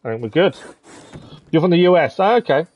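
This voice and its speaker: A man's voice: on the high side, lively intonation, brisk, dull audio. A man hosting a live gaming stream, chatting casually with viewers and commenting on the game. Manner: chatty, friendly, reads chat aloud, says "to be fair" often.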